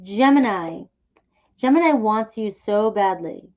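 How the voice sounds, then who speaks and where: A woman's voice: medium pitch, lively intonation, unhurried, darkish tone, dull audio. A woman doing a casual tarot reading, chatty and reassuring, often checking in with the listener. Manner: chatty, upbeat, reassuring, often asks "okay?". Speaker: tarot reader.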